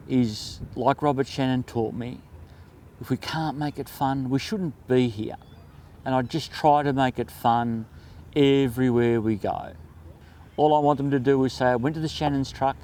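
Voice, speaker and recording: A man, the regular driver of an event truck, telling stories in a casual, animated way and acting out the voices in them. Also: medium pitch, slight background noise. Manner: animated, acts out voices in anecdotes. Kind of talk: casual storytelling interview.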